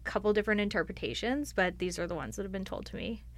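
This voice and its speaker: A woman's voice: medium pitch, expressive, quick pace. A woman on staff answering interview questions in a thoughtful, explanatory way, often using "like" as a filler. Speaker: library staff member.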